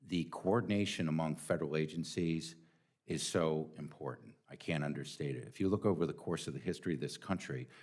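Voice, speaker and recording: A man testifying as a nominee at a hearing, measured and earnest, with hesitant fillers. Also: extremely low pitch. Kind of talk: formal testimony. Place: hearing room.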